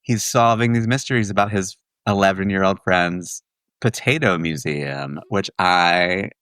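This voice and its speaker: A man in his forties from the Washington, D.C. area, chatting as a guest on a podcast. He tells his story in an animated way and breaks into laughter often. His voice is a bit low, and the sound is close and dry. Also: unhurried, clear, resonant tone, dry recording. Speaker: guest, musical theater writer. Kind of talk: casual podcast chat.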